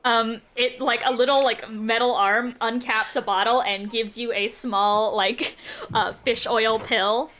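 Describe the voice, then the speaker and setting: A woman's voice: a little high, fairly even intonation, a little slow, fairly bright tone. A woman narrating as game master in a tabletop game, playful and often laughing. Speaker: dungeon master.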